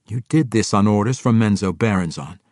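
A man voicing a perplexed, edgy male dark-elf leader who demands and stammers, in an audiobook. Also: fairly low pitch, brisk, dry recording, clean studio sound, lightly acted. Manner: demanding, flustered.

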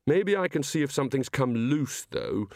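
A man's voice: medium pitch, expressive, normal speed, dry recording, close to an everyday voice. A nervous, cowardly grown wizard, voiced by a man who mumbles and grumbles to himself. The voice sits close and dry, in a storybook reading. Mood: grumbling.

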